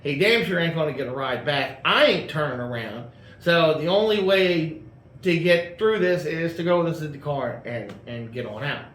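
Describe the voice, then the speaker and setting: A man's voice: a little high, lively intonation, moderate pace, a bit bright. A man casually telling a long personal story, rambling with lots of fillers and restarts. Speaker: host telling a car story. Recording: echoey room with faint ambience.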